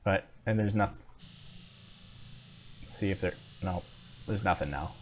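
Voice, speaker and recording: A man's voice: deep voice, measured pace, slight background noise. A man hosting a live stream, chatting casually and reading viewer comments, rambling with many fillers and restarts.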